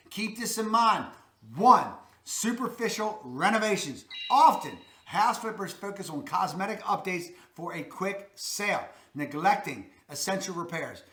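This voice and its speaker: A man's voice: high voice, animated, measured pace, a bit bright, roomy sound. A man with a Baltimore accent hosting a real estate video, giving folksy, emphatic advice straight to viewers. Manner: folksy, emphatic, repeats "that's a fact".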